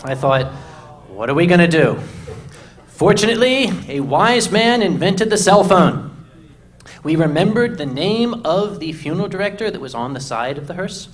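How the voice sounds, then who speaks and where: A man telling a comic story to a live audience in an animated, exasperated and emphatic way. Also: high voice, normal speed.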